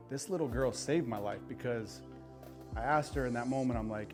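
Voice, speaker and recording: A man's voice: mid-range voice, fairly quick, over music. A man telling his personal story on a podcast, earnest and emotional, with lots of "like" fillers. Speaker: podcast guest. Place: podcast studio with live audience.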